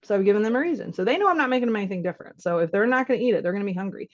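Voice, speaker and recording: Woman, 30s, physician workshop presenter; lively, laughing, middle voice, lo-fi dull recording. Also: medium pitch, racing. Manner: lively, often laughing, acts out parent and child lines. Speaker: physician leading a caregiver workshop. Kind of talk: conversational workshop talk. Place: online workshop. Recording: slightly dull lo-fi audio.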